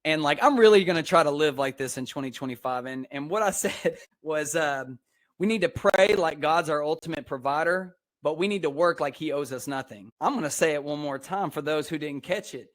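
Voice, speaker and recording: Energetic Texan man, fairly high voice. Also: fairly quick. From Texas. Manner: energetic, preachy, laughs often. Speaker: podcast guest, speaker and personal trainer. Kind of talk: casual podcast interview.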